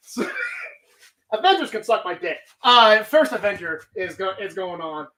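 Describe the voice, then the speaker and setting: A woman's voice: medium pitch, very animated, normal speed, pushed and bright. A woman hosting a live stream, talking casually in a rambling, profane way. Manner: rambling, heavy swearing. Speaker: streamer host.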